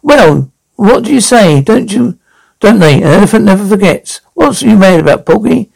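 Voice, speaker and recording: A woman's voice: medium pitch, lively intonation, normal speed, creaky, darkish tone, breathy edge, heavily acted, poor audio. A woman playing a cheeky, foul-mouthed elderly grandmother who mocks and nicknames everyone in a comedy sketch. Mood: mocking. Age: older. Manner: mocking, name-calling, interrupting.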